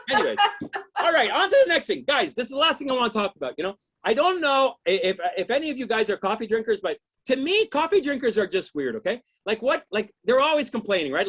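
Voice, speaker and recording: A man's voice: extremely high pitch, animated, brisk, a bit bright. A man doing a stand-up routine, ranting in exasperation, swearing often and keeps asking the crowd if they know what he means. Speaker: stand-up comedian.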